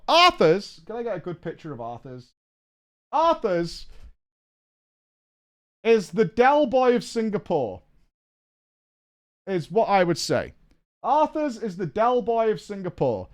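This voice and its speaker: A man, a streamer telling a story in a casual, animated way, swearing and acting out what people said. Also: high-pitched. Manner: animated, swearing, acts out quotes.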